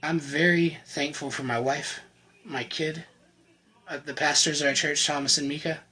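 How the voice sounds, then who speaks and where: A man giving an earnest, emotional personal faith testimony to the camera, often halting and repeating words. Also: on the high side, steady tone, pushed and bright, breathy edge, rough recording. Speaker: channel host sharing his recovery testimony.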